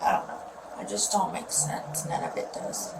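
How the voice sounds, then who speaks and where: A woman's voice: fairly low pitch, big pitch swings, moderate pace, vocal fry. A mother being questioned by police, rambling and upset, often trailing off mid-sentence. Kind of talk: recorded police interview. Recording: distant mic with loud noise.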